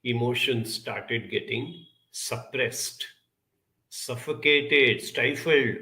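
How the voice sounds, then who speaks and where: A man's voice: mid-range voice, extremely slow, pushed and bright. A man giving a reflective talk, telling a childhood story and speaking directly to his listeners.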